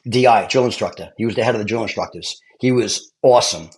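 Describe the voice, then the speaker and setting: A man, a retired fire lieutenant telling stories in casual chat, animated and swearing freely. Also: on the low side, fast. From Brooklyn, New York. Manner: animated, swearing, acts out quotes.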